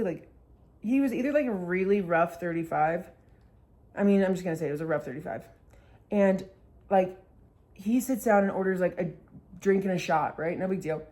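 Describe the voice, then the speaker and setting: A woman's voice: medium pitch, dark tone. A woman in her twenties tells a story in a casual, chatty way, swearing freely and saying "like" a lot. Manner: chatty, profane, heavy use of "like". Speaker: vlogger.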